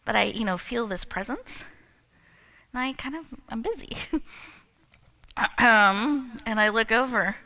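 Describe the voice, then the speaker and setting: A woman's voice: a little high, moderate pace. A woman emceeing a live event, telling a playful story and leading the audience with lots of laughter. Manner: animated, laughs often, leads the crowd.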